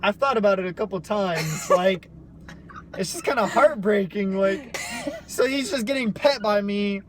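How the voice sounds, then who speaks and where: A man's voice: high voice, moderate pace, noisy background. A man co-hosting a casual chat, telling a story in a mock-emotional, self-mocking way. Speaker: co-host.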